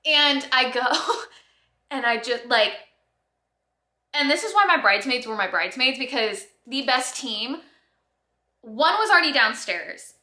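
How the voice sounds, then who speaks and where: Bubbly young woman, bright and echoey. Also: sits high, measured pace. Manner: animated, breathless storytelling with lots of "like". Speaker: vlogger. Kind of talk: casual storytelling. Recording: echoey room.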